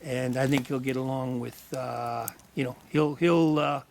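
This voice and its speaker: A Canadian man with a Canadian accent, chatting in a rambling, halting way outdoors by a campfire. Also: medium pitch, fairly even intonation, creaky. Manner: rambling, many fillers and restarts. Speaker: guest. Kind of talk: casual outdoor chat.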